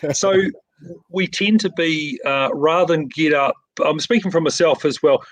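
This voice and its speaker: A man's voice: mid-range voice, no room sound, rough recording. A middle-aged man with a New Zealand accent, a frame shop owner talking casually in an interview over a video call, modest and rambling with many fillers and restarts.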